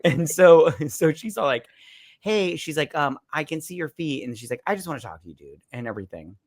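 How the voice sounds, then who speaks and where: Man, podcast host, casual movie chat, acts out scenes, lively pitch, dry sound. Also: brisk, no room sound. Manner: animated retelling, acts out scenes.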